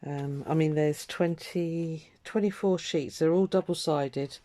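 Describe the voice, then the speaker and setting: A woman's voice: low-pitched, measured pace, mellow. Chatty woman rambling while crafting. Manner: rambling, chatty, self-interrupting with ums. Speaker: craft vlogger. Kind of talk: casual crafting chat.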